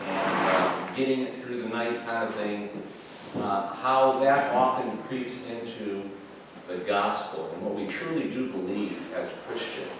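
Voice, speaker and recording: A man's voice: medium pitch, noisy background. A man leading an evening Bible class, talking conversationally with fillers and restarts. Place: church classroom. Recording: very echoey room, far from mic.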